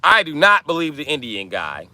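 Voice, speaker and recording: A man's voice: fairly high pitch, huge pitch swings, moderate pace, bright, forceful tone, no room sound. A man hosting a livestream, ranting in brash, profane trash talk. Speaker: livestream host. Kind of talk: live-stream rant.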